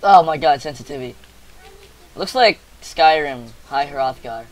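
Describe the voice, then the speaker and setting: Upbeat guy with a highish voice goofing around in a let's play, reading quest text out loud. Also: a little slow, faint music behind. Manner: excitable, joking, reads quest text aloud. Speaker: gaming channel host. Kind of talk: casual let's-play chat with a friend.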